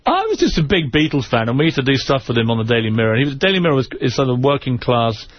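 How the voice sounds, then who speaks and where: A man, a former tabloid editor, telling animated stories as a guest on a radio talk show. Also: mid-range voice, dry recording. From England. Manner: fast, animated storyteller. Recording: muffled radio broadcast.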